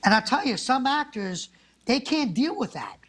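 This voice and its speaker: A man's voice: very high voice, big pitch swings, moderate pace, fairly bright tone, husky. A man, a guest actor chatting casually and rambling through stories, acting out the people in them. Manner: rambling storyteller, acts out quoted people. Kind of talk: casual interview chat.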